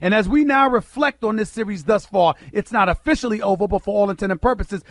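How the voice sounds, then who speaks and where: A man's voice: high voice, dry recording. A middle-aged American man delivering an impassioned sports radio monologue, emphatic and preacher-like, firing rhetorical questions at listeners.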